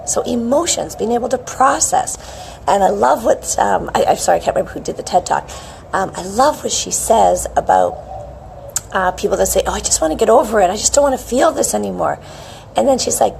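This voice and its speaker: A middle-aged woman hosting a casual live wellness stream, chirpy and animated, greeting viewers by name. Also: mid-range voice, creaky, a little hiss or hum, low-quality recording. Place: outdoors with a palm tree behind. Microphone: hands-free phone camera.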